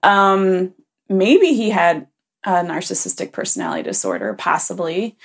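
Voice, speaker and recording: A woman's voice: lowish voice, very animated, moderate pace, slightly rough. A woman who is a parent leaves a rambling message for a podcast, telling a funny story with many ums and chuckles. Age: adult parent. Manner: rambling, full of ums and self-corrections. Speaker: listener leaving a message for a podcast. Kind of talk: casual anecdote.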